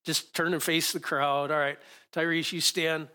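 The pastor's voice sits on the high side, sharp yet smooth, with a flat delivery at a moderate pace. Standing on a church stage before the congregation, he preaches in a conversational way, repeatedly restarting sentences while directing volunteers in a live demonstration.

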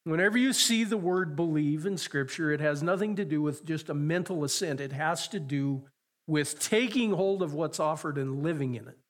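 A man preaching a sermon in an earnest way, repeating phrases and slowing down on key words. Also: a little high. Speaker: pastor.

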